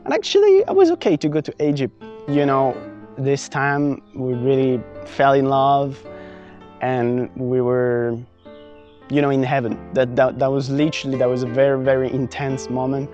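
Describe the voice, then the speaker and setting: Young adult man, vlogger, casual story, medium pitch, faint music bed. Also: normal speed, highs cut off. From France. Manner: animated, many fillers and restarts, acts out his own past lines.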